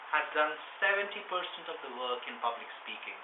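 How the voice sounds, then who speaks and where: A man in his thirties leads a speaking workshop, coaxing and animated, with a somewhat high voice. He is caught from across an echoey room, the sound thin like a phone line with noise under it. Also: fast, few pauses, far from the mic. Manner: animated, coaxing, rises to a loud voice for stress. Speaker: public speaking trainer. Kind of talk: workshop teaching. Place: meeting room.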